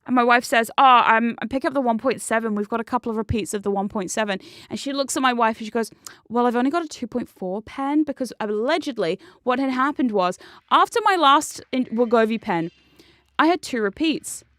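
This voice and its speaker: A woman's voice: fairly high pitch, fairly quick, no echo, studio quality. A young woman, telling a story casually and animatedly while she streams a game, with some swearing. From New Zealand. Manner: animated and swearing, with bursts of laughter.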